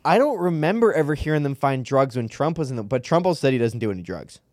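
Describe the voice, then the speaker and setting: Animated rambling podcast host, man. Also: mid-range voice, quick pace, dry recording, clean studio sound. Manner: rambling, animated storytelling with laughs. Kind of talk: casual chat.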